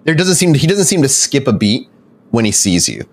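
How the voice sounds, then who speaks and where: A man's voice: mid-range voice, very animated, fairly quick. A man narrating as game master of a tabletop role-play, descriptive and casual. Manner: descriptive, casual, frequent restarts.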